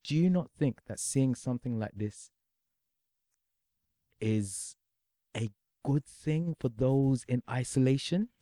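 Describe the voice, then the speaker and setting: A man's voice: medium pitch, takes it slowly, pauses often, mellow, dry recording, studio quality. A man from the UK hosting a casual podcast chat, probing with rhetorical questions. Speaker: podcast host.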